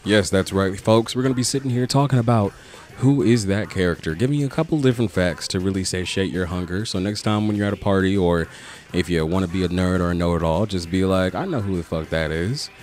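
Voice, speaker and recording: Deep-voiced casual male video essayist. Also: quick pace, darkish tone. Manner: casual, joking, swears freely. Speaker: podcast host. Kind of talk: comic book video essay narration.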